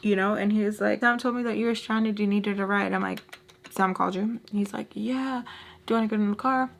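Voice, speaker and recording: A young woman tells a story to her camera, chatty and casual, saying "like" constantly and acting out the dialogue. Her mid-range voice is gravelly and brisk with a steady tone. She's a storyteller vlogger.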